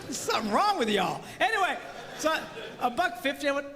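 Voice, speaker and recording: A man's voice: high-pitched, quick pace, noisy background. A middle-aged man giving a comedic talk on marriage to a live audience, acting out voices and bantering with the crowd. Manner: animated, acts out voices, jokes with crowd. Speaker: speaker on marriage. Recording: hall reverb with faint ambience.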